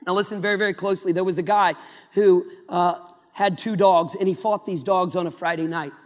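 A man's voice: high voice, steady tone, brisk. A young man from Iowa preaching a sermon to a youth crowd in a large church hall, telling stories and addressing the audience directly. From Iowa, USA. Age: young adult. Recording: long hall reverb.

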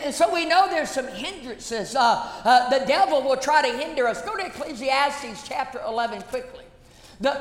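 Woman pastor, high voice, emphatic sermon, repeats lines, long hall echo. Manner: emphatic, repeats phrases, call-and-response questions. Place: church sanctuary. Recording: echoey church hall reverb.

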